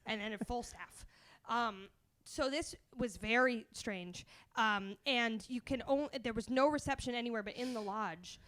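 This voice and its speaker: High-voiced, chatty woman. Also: a little slow. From Canada. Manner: chatty and animated, laughs often between phrases. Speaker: podcast guest. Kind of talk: comedic storytelling.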